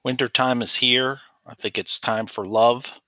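A man's voice: mid-range voice, steady tone, measured pace, bright, forceful tone. A man co-hosting a podcast in casual chat, playful and teasing, fond of telling jokes. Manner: playful, teasing, tells jokes with put-on voices. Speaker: podcast co-host.

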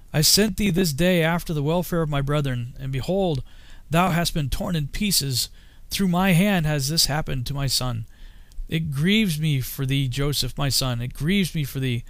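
A man's voice: a little high, fairly bright tone, dry recording. A man voicing a grieving old father who laments his lost son in a raised, anguished voice.

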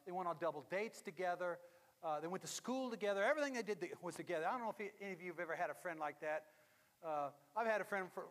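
A man preaching a storytelling sermon, dramatic and dropping to hushed tones for emphasis. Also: sits high. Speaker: pastor. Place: church sanctuary. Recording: long reverb of a large hall.

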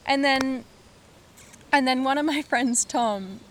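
Animated woman telling a story. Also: high voice, slow pace, slight background noise. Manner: animated, acts out quotes, laughs often, swears casually. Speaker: podcast host. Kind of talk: casual conversational storytelling.

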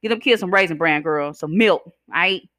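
A woman's voice: fairly low pitch, fairly quick, fairly bright tone, no echo, studio quality. Sassy, blunt woman ranting on a podcast. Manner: blunt, sassy, profane, addresses listeners as "y'all" and "child". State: chewing gum, slightly slurred. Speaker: podcast host. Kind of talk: casual ranting monologue.

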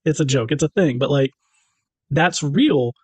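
A man's voice: a little high, measured pace, darkish tone, slightly rough, no room sound, low-quality recording. A man co-hosting a podcast in casual chat, speaking in a reflective, easygoing way. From American South. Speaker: podcast co-host.

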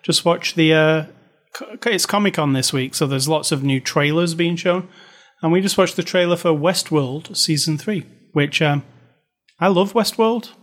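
A man's voice: fairly high pitch, normal speed. Chatty man hosting a movie podcast. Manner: chatty, joking, reads aloud with dramatic stress. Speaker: podcast host. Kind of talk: casual chat.

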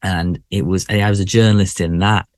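A man's voice: low-pitched, steady tone, a little fast, a little mellow, no echo, studio quality. A man co-hosting a podcast, chatting casually and often restarting his sentences. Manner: hesitant, many restarts. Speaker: podcast co-host. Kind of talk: casual chat.

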